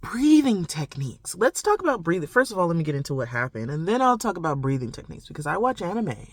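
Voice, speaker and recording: A woman's voice: lowish voice, very animated, fast, no echo. A woman vlogging a rambling, reflective monologue, full of "like" and "you know". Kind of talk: confessional casual monologue to camera.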